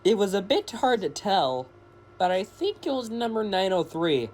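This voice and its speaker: Excitable, nervous engine in a cartoon, voiced by a man, lively pitch swings. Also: moderate pace. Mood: anxious. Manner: anxious, excitable. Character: startled male engine, Robert.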